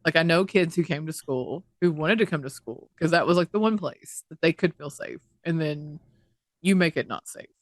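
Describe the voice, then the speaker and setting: A woman's voice: low-pitched, moderate pace, no room sound, clean studio sound. A woman co-hosting a podcast in casual chat, talking indignantly at length and swearing freely. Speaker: podcast co-host.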